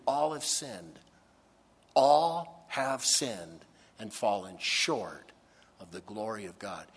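Male preacher, mid-pitched, emphatic sermon delivery with long reverb of a large hall. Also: a bit bright. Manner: earnest, emphatic preaching with dramatic pauses.

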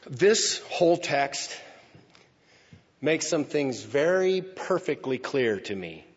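A male pastor preaching a sermon, slow and emphatic, swinging from loud declarations to hushed near-whispers. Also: on the high side, very animated, breathy edge. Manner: slow, emphatic phrasing with pauses. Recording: lo-fi with long hall reverb.

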